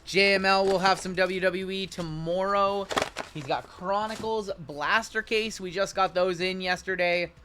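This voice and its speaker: A man's voice: high-pitched, fairly even intonation, unhurried, pushed and bright, slight background noise. A man hosting a live card break, chatting with viewers as he calls out cards and spots. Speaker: sports card break host.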